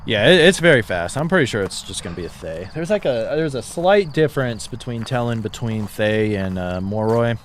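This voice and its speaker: A man's voice: medium pitch, expressive, brisk, hardly any pauses, a little hiss or hum. A man giving casual commentary while streaming a game, chatty and thinking aloud with frequent fillers.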